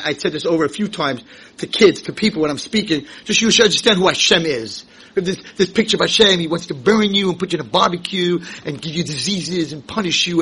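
Rabbi guy giving a torah class, super animated, voice jumps all over, kinda husky. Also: fairly high pitch, rough recording. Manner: animated, emphatic, rising to shouts; rhetorical questions, acts out quotes. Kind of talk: Torah lecture.

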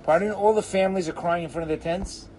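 A man teaching an animated Torah class, theatrical, acting out characters and sprinkling in Hebrew phrases. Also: sits high, quick pace, slight background noise, rough recording.

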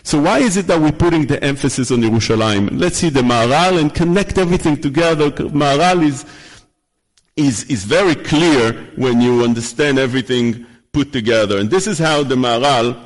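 A man teaching a Torah lecture as a rabbi, emphatic and repeating words for stress, with quick recited Hebrew quotations. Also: medium pitch, poor audio. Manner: mixes in rapid Hebrew quotations.

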